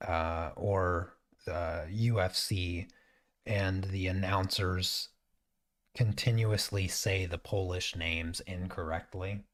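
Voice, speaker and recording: Slow, deep-voiced man chatting casually. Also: steady tone. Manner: easygoing, thinks aloud with frequent restarts. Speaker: art teacher hosting a painting stream. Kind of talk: casual chat while painting.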